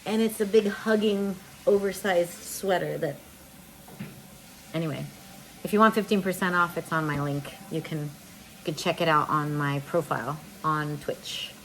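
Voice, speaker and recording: A woman's voice: deep voice, steady tone, a little slow, a little hiss or hum. A woman livestreaming at home, chatting casually in a rambling way with many restarts.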